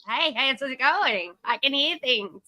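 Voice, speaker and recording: An Australian woman talking slowly and unhurriedly, in a bright, clear voice pitched a little high. She is a laid-back guest on a live stream, laughing as she tells stories. The sound is dry and close, picked up by an earphone microphone. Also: animated, dry recording. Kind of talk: casual live-stream chat.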